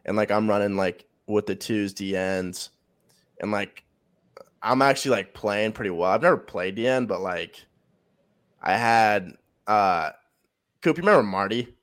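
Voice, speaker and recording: Young male athlete guest, lowish voice, loose and rambling, filler-heavy, swears freely. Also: unhurried, long pauses, fairly bright tone. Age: young adult. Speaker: college football player guest. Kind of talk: casual storytelling.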